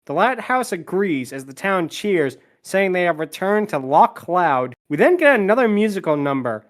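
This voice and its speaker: High-voiced man recapping a movie plot. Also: big pitch swings. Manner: quick plot recap, dry asides, voices quotes. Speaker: podcast host recapping a film. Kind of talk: recap narration with jokes.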